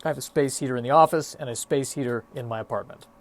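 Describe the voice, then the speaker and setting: A young man talks alone into his podcast mic, in a loose, stop-start monologue full of self-mocking asides and fillers. He sounds a little out of breath. His voice sits at an ordinary middle pitch. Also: fast talker. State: a bit out of breath. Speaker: solo podcast host. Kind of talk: rambling solo podcast monologue.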